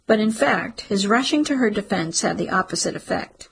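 A woman reads a novel aloud with a very husky, breathy tone and a voice of middling pitch. Her telling is wry and even, with a dry turn in the asides. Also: moderate pace, rough recording. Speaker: audiobook narrator. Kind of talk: scripted narration.

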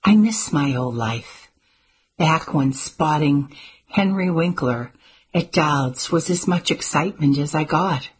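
A woman voicing a wry, sharp-tongued grandmother with dry, teasing quips in an audiobook. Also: sits low, expressive, slow, breathy edge, heavily acted, poor audio. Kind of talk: audiobook character voice.

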